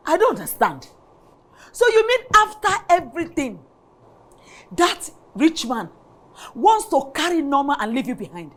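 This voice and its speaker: An actress playing a scheming, domineering middle-aged mother with a Nigerian accent, indignant and forceful. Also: sits high, big pitch swings, a little slow, pauses often, full character voice. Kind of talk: Nollywood film acting.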